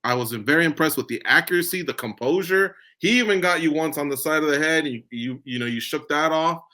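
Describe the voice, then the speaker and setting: A man's voice: a little high, fairly quick, bright, forceful tone. A man hosting a casual video-call interview, friendly and chatty, with a joking tone. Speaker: interview host.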